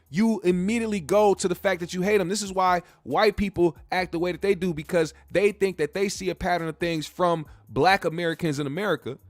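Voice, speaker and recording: A male podcast host rants in a blunt, heated way, swearing freely as he argues his point. His voice sits high, and the sound is dry and close with faint music underneath. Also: no room sound. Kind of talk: casual opinion rant.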